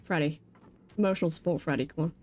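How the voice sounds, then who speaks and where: A woman's voice: sits low, quick pace, a little mellow, faint music behind. A British woman streaming a video game live, jumpy and swearing freely as she comments and talks to her chat.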